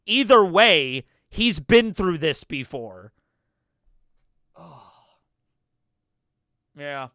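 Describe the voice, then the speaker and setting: Man, live-stream commentary, rambling, swearing, clear smooth voice, slightly high. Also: lively intonation, drawn-out words, long pauses, bright, forceful tone, no room sound, clean studio sound. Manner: rambling, swears casually, laughs often.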